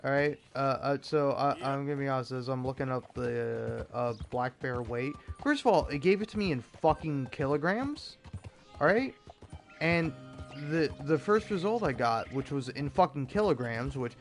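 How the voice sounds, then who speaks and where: A man's voice: medium pitch, lively intonation, moderate pace, soft background music. A young American man ranting with heavy profanity and stammered restarts while commenting over gameplay. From United States. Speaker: gaming YouTuber.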